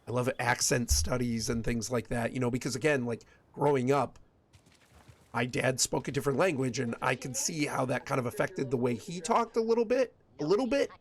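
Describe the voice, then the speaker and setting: A man's voice: medium pitch, fairly quick. A man from West Michigan with a Michigan accent, chatting casually with his viewers while streaming a game, rambling and often restarting his sentences. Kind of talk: casual chat while gaming.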